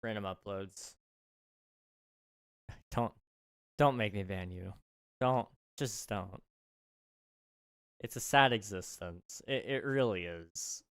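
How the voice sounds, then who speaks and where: A man's voice: on the low side, slow, pauses often, fairly bright tone, clear, resonant tone. A man chatting casually with his viewers on a live game stream, joking and repeating himself as he plays. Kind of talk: casual live-stream chat while gaming.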